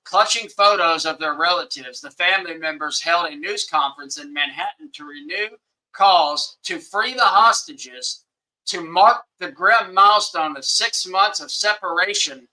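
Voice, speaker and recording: A man's voice: high voice, measured pace, sharp tone, rough recording. A man with a Southern accent hosting a casual livestream, rambling and heated, often apologizing to his viewers. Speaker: livestream host. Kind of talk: casual live-stream commentary. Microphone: webcam setup.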